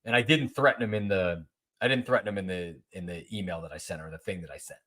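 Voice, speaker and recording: This podcast host, a man in his forties, speaks fast with a voice that sits low. His story comes as a casual, lively monologue, full of repetition as he voices both sides of an exchange.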